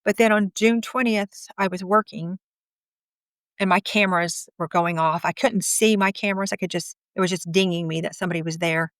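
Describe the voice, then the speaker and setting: A woman's voice: lowish voice, fairly even intonation, normal speed, a bit bright, no room sound. Middle-aged woman, candid and chatty storyteller, acts out quotes, dry close sound. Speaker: guest telling her story. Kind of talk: personal storytelling.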